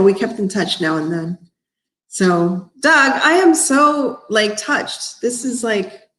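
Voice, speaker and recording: A woman's voice: mid-range voice, roomy sound. A woman from Miami, an author hosting a casual livestream, chatting and rambling while she answers viewer comments. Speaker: author and crafting host.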